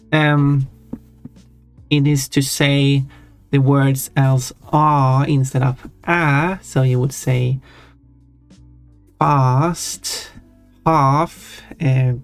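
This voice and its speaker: Slow, rambling streamer over soft music. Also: medium pitch. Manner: rambling, musing, self-deprecating. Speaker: live streamer. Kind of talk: casual chat while drawing on stream. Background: faint chill background music.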